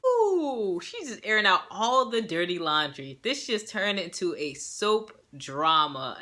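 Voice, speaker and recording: A young woman giving a casual, sassy and animated recap of a show episode, full of slang. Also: medium pitch, a little slow, few pauses. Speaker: show reviewer.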